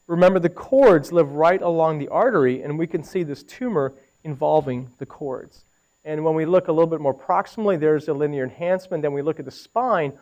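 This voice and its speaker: A man's voice: fairly high pitch, a little fast, darkish tone, rough recording. A middle-aged man giving a radiology lecture, conversational and walking through the images, with anecdotes and questions to the audience. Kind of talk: medical lecture.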